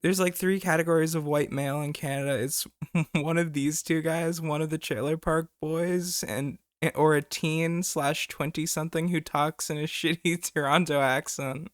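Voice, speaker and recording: A man's voice: on the high side, fairly even intonation, normal speed, no echo, studio quality. A man streaming, reacting to a clip with crude jokes. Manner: crude, joking, laughs often. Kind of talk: live stream reaction commentary.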